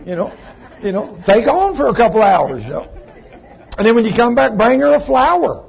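A man's voice: extremely high pitch, big pitch swings, normal speed, vocal fry, breathy edge, dull audio. A man preaching a sermon, folksy and chatty, calling on members of the congregation by name. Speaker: pastor. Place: church.

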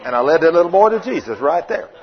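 A man preaching a sermon, telling folksy stories and acting out the people in them, swinging from loud rebukes to quiet asides. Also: fairly high pitch, sing-song, fast talker. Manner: folksy, acts out quoted voices, shifts between loud rebukes and quiet asides. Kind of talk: sermon with storytelling. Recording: muffled lo-fi sermon recording.

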